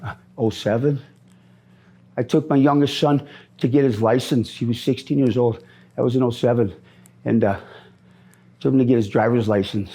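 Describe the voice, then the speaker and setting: A man's voice: mid-range voice, steady tone, moderate pace, pauses often, mellow, slightly rough. A middle-aged man from Minnesota answering interview questions on the street, rambling, repeating himself and often ending with "man.".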